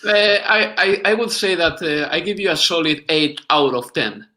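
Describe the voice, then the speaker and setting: Bright-voiced man, hesitant guest. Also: a little high, lively intonation. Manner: thoughtful, pauses with many uhs. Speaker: podcast guest. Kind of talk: casual interview answers.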